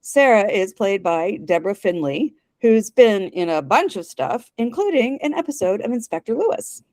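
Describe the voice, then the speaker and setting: A woman's voice: mid-range voice, moderate pace, no room sound. A woman co-hosting a casual podcast, retelling a drama scene by scene and voicing its lines. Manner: reads scenes aloud with lively voiced quotes and laughs. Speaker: podcast co-host retelling an episode. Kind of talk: casual chat, acting out dialogue.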